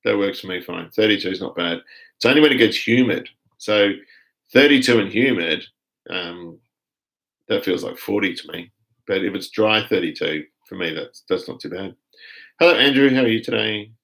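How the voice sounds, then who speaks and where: A low, gravelly-voiced Australian man talks through a laid-back live stream, greeting viewers and rambling easily from one comment to the next. His tone is casual and unhurried, like he is chatting across a workbench. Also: lively intonation, a bit bright, low-quality recording.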